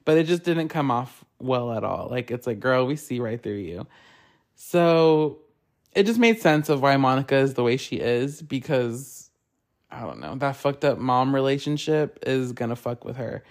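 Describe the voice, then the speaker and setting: A man hosts a podcast in an easy, gossipy chat at an average pitch. He rambles from point to point, swears freely and fills his talk with "like." His delivery stays animated and unpolished. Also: normal speed. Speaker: podcast host.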